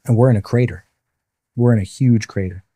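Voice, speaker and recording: A man's voice: medium pitch, fairly quick, mellow, no echo. A man, a podcast guest and military veteran, telling a personal story in vivid detail and patiently explaining military terms. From the Bronx, New York.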